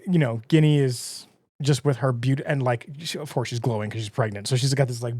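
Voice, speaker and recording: A man hosting a podcast, casually recapping an episode, chatty and quick to laugh, slipping into brief character voices. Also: medium pitch, expressive, a little mellow, no room sound. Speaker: podcast host.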